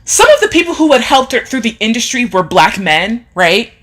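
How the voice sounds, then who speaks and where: A woman chats casually on a live stream and reads out viewer comments. Her high voice swings up and down with lively, emphatic delivery. She often repeats phrases to drive a point home. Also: normal speed. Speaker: livestream host.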